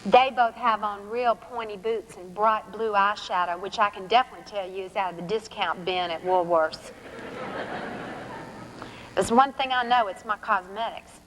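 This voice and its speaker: A woman's voice: mid-range voice, normal speed, background noise. Woman reading her novel aloud. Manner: lively, sly storyteller. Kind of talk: first-person storytelling reading.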